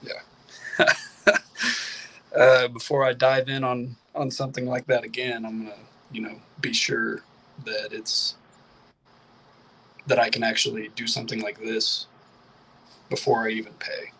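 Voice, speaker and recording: Young male guest, plain-spoken and casual, bright and forceful tone. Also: mid-range voice, flat delivery, measured pace, long pauses, a little hiss or hum, poor audio. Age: young adult. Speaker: interview guest. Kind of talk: casual interview talk.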